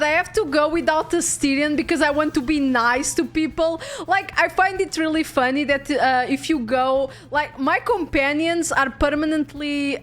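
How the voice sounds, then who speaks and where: A young woman streaming a game, chatting casually in an excitable, rambling way and swearing freely. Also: sits high. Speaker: VTuber streamer. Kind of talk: casual gameplay chat.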